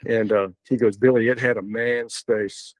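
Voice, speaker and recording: A man's voice: mid-range voice, fairly even intonation, normal speed, no echo, poor audio. Rambling older man telling a story. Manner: rambling, many fillers and restarts. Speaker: podcast guest. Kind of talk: casual storytelling.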